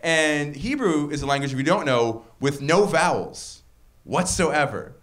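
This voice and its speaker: Slightly high-voiced and measured in pace, a man performs stand-up comedy from a club stage. His delivery is wry and animated, with the voice leaping upward at each punchline.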